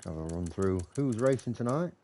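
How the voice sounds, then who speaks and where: A man with a low, mellow voice gives live racing league commentary. He talks in a relaxed, chatty way and thinks aloud between updates. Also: moderate pace.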